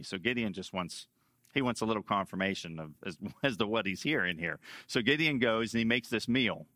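A male pastor preaching a sermon emphatically, repeating key phrases and swinging between loud stresses and hushed lines. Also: on the low side, expressive, a little fast, no room sound.

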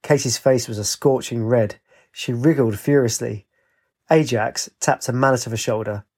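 A man reads an audiobook aloud in a lively way, changing his voice for each character's dialogue. He speaks at a normal speed with a husky, medium-pitched voice.

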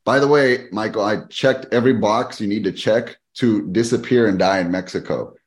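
A middle-aged man, a guest on a podcast, telling a story in a lively, fast-moving way. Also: fairly low pitch. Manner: animated, fast-paced storyteller who acts out quoted people. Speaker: podcast guest, fitness business owner. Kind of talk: casual storytelling interview.

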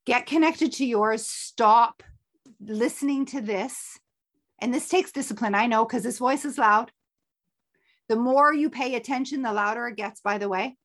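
Energetic motivational woman coach. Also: fairly high pitch, unhurried. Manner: energetic and emphatic, with playful sound effects. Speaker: motivational coach and podcast host. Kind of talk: motivational talk.

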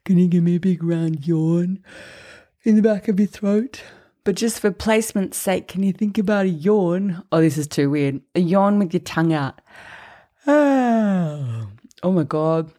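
A woman's voice: lowish voice, steady tone, moderate pace, dark tone. A woman teaching singing on a podcast, playful and encouraging, dropping into sung demonstrations. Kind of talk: podcast vocal lesson.

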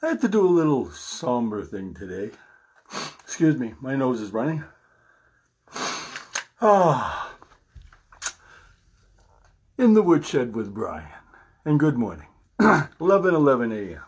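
Husky-voiced man hosting a chatty podcast. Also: medium pitch, very animated, slow pace, long pauses. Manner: chatty, laughs often, restarts sentences. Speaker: podcast host. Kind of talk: casual rambling monologue.

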